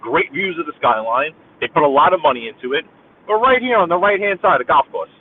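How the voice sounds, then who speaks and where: A man's voice: fairly high pitch, sing-song, fairly quick, slightly rough. A man from Brooklyn with a New York accent, rambling casually to live-stream viewers while he drives. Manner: rambling, talkative, chatty with viewers. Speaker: live-stream driving host. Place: inside a car. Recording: tinny phone-like audio.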